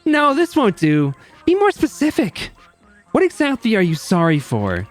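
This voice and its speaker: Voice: medium pitch, huge pitch swings, moderate pace, faint music behind, pitched above the performer's own voice. A streamer voicing a gleeful, sadistic game-show host in a game, with mocking showman patter. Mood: taunting. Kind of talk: reading game dialogue aloud.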